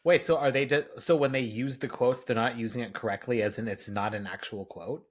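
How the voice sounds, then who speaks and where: Husky-voiced man joking on a podcast. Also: mid-range voice, steady tone, a little fast. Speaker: podcast co-host. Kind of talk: casual rewatch podcast chat.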